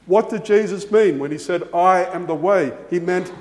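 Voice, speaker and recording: A man with a voice a touch higher than most men delivers a sermon in a church. He is earnest and emphatic, repeating key words for stress. His voice rings out with the long reverb of a large hall. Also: moderate pace, hardly any pauses. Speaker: pastor.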